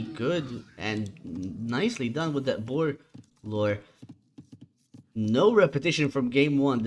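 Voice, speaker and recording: Man, esports caster, tired, relaxed chatty commentary, mid pitch, faint noise, typing behind. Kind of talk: solo game commentary.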